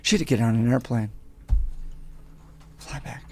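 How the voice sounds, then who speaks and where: A man's voice: medium pitch, moderate pace. Sarcastic man hosting talk radio. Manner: sarcastic, mocking, punchy. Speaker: radio talk show host.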